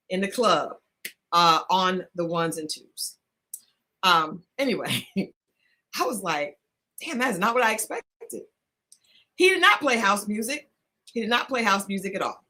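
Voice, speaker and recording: A woman co-hosting a talk show, telling a story in a casual, animated way, laughing often and restarting her sentences. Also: medium pitch. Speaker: podcast co-host.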